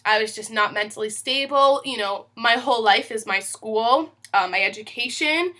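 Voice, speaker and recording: A woman's voice: a little high, moderate pace, bright, forceful tone. A woman in her twenties casually telling a long personal story in a vlog, rambling with many fillers and acted-out quotes. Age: 20s. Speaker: vlogger.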